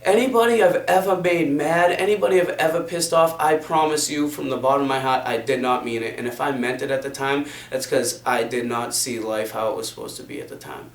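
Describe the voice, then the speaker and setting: A man's voice: medium pitch, a little fast, few pauses. A young man delivering an impassioned, profanity-laced rant to the camera in a fervent, preachy way. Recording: roomy sound from a distant mic.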